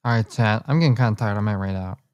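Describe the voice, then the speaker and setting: A woman's voice: rumbling low, quick pace, darkish tone, smooth, dry recording, studio quality. A woman streamer chatting casually to her viewers, blunt and profane, often talking to herself. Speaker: livestreamer. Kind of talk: casual live-stream chat.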